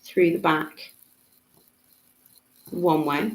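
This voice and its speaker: In an echoey room, a woman gives a live beading tutorial as a jewellery-making instructor, chatting, reading viewer comments and filling gaps with um. Her low voice holds a steady tone and draws out words.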